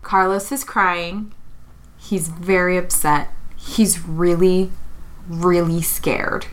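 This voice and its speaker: A woman's voice: on the low side, fairly even intonation, slow pace. A woman playing a tabletop role-playing game, describing her character's actions with a lot of hedging. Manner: thoughtful, hedging with "I think". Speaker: player.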